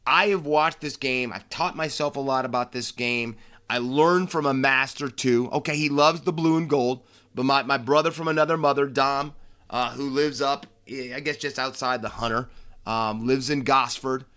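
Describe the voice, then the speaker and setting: A man's voice: medium pitch, fairly even intonation, normal speed, sharp tone. An American man hosting a solo sports podcast, talking casually with brash flair and frequent restarts. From United States. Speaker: podcast host.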